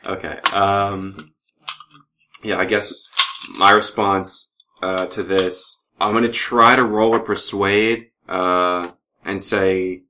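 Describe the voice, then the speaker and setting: A man's voice: low voice, flat delivery, slow pace, bright, forceful tone. A man playing a tabletop game, talking casually and swearing at bad luck. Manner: casual, swears when things go wrong. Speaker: player.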